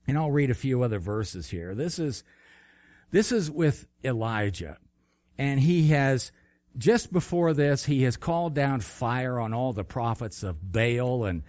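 A man preaching a sermon, retelling scripture with big swings between loud, high bursts and quiet, low lines. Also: no echo. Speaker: pastor.

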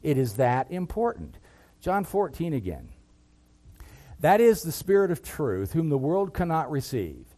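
A man preaching a sermon, reading scripture and building to loud, impassioned peaks before dropping low and quiet. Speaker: pastor.

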